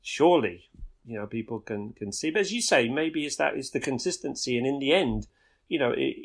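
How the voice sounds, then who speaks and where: A man's voice: medium pitch, expressive, fairly quick, gravelly. A man co-hosting a podcast, chatting casually about films and rambling with many restarts. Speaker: podcast co-host. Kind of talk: casual film chat.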